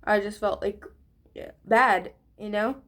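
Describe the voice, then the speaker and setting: A teenage girl telling a story in a chatty, animated way, with a lot of slang, while doing her makeup. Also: medium pitch, takes it slowly. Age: teens. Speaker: vlogger. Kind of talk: casual story time during a makeup tutorial.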